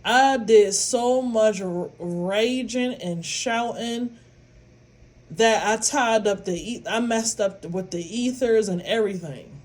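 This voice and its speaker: A woman vlogger with a fairly high voice speaks slowly to her followers in a casual monologue. She rambles, repeats herself emphatically and breaks into bursts of laughter.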